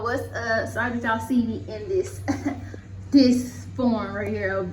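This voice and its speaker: A woman's voice: medium pitch, poor audio. A woman in her thirties chatting casually to camera in a vlog, talking straight to her viewers and laughing often. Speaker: vlogger.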